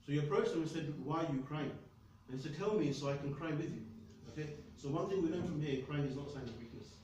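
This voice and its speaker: Guy teaching a hadith class fast, keeps saying okay, echoey room, mic far away. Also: on the high side, slight background noise. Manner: lively, conversational, many "okay?" checks. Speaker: Islamic studies teacher.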